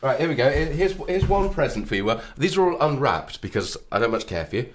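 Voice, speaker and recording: A man's voice: mid-range voice, big pitch swings, fast. A man co-hosting a podcast in casual comic chat, speaking in a mock-formal way to listeners. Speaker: podcast co-host.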